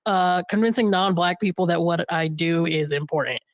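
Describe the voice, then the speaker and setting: A woman's voice: on the low side, moderate pace, no room sound. A woman who directs a podcast network, talking in a candid, joking way on a casual panel, laughing often and restarting her phrases.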